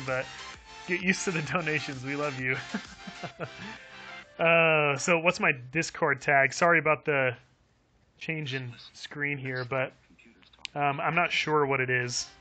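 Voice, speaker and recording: A man's voice: a little high, sharp tone, low-quality recording. A man live-streaming a game who reads viewer chat aloud, chuckling often and talking in a friendly, chatty way.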